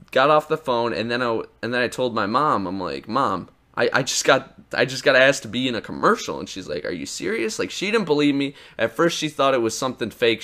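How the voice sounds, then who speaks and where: A teenage boy telling an excited, rambling story about his experience, full of restarts and quoted dialogue. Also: mid-range voice. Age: teens. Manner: excited, rambling retelling with many likes and restarts. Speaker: YouTuber. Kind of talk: casual storytelling vlog.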